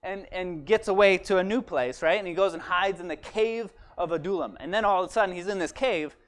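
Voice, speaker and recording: A man with a high voice tells a church congregation a Bible story. His delivery is chatty and animated, full of "like" and "right?". He sounds like he is talking with friends rather than preaching. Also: a little fast. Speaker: church speaker. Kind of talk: casual storytelling sermon.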